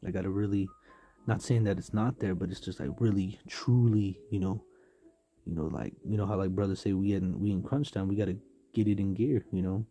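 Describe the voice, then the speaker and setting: Delivering a casual livestream devotional, the preacher from San Diego, California, uses a deep, dark voice with fairly even intonation at a fairly quick pace. He wanders along with many fillers and plenty of street slang.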